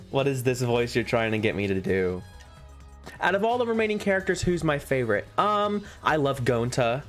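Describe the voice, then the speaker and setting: Slow-talking, rambling male streamer. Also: medium pitch. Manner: rambling, chatty asides to viewers, frequent laughs. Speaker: streamer reading a visual novel. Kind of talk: casual live-stream chat.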